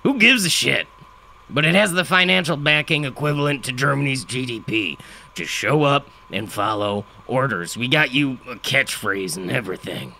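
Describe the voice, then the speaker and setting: A man voicing a crude, groggy older father with a gravelly tenor, blunt and profane. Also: mid-range voice, expressive, normal speed, pushed and bright, slight background noise, heavily acted. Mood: gruff, blunt.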